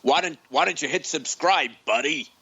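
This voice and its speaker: A man's voice: a little high, normal speed, pushed and bright, slightly rough, voice pushed up, heavily acted. A man putting on a brash, rude New York tough-guy voice with a New York accent, heard over muffled online call audio. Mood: gruff. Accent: New York put-on.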